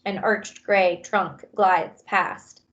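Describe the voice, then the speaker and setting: A woman reading a children's novel aloud, raising her pitch and energy for the characters' lines. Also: steady tone, drawn-out words, fairly bright tone, lo-fi sound. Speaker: reader. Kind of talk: audiobook-style read-aloud.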